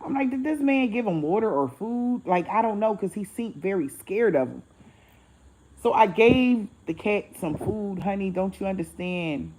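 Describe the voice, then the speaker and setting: A woman's voice: medium pitch, normal speed, low-quality recording. A woman vlogger, telling a story casually to her viewers, acting out the voices in it and swearing freely. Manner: animated, acts out voices in quotes, swears freely.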